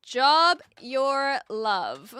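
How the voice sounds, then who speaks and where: Young woman streamer, high voice, crisp and smooth, dry close mic, unhurried chatty rambling. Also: sing-song, sharp tone, dry recording. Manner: chatty, rambling, many fillers and restarts; reads chat and reacts aloud. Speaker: livestreamer. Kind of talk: casual stream chat.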